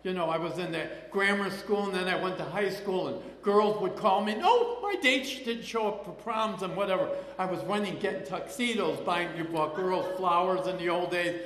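A man's voice: sits high, normal speed, few pauses, a bit bright. An older man sharing a personal recovery story, rambling with restarts and acting out voices of people he remembers. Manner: rambling, with many restarts and acted-out quotes. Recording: echoey hall with long reverb.

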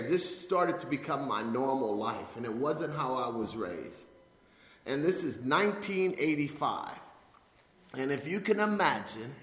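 A man's voice: medium pitch, a bit bright. A man in his fifties telling his life story to an audience, acting out the voices of the people in it. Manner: storytelling, acts out quoted voices. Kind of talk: personal testimony talk. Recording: echoey hall with long reverb.

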